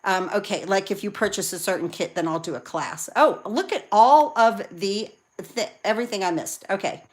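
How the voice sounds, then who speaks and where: A woman chatting excitedly with viewers while she demonstrates card making live from her craft room. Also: medium pitch, moderate pace. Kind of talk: live crafting demo chat.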